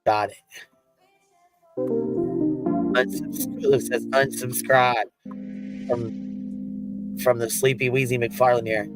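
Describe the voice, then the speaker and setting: A man's voice: mid-range voice, flat delivery, slow pace, pauses often, loud music behind the voice, low-quality recording. Foul-mouthed man laughing on stream. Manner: profane, laughing through his words. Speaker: live streamer. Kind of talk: casual streaming commentary.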